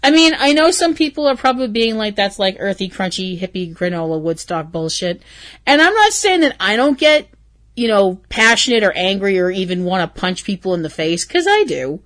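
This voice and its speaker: A woman's voice: a little high, very animated, a little fast, fairly bright tone. A woman hosting a casual podcast, ranting candidly with lots of ums and some swearing, a little stuffy from hay fever. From Irish and Canadian heritage. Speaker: podcast host. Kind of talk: casual solo podcast rant.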